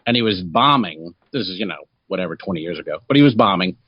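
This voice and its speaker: A man's voice: low voice, animated, fast talker, breathy edge, dry recording. A man co-hosting a comedy podcast, telling a rambling story and acting out the people in it. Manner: rambling storyteller, acts out quotes. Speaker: podcast co-host. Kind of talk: casual comedy podcast chat. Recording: dull, dry lo-fi sound.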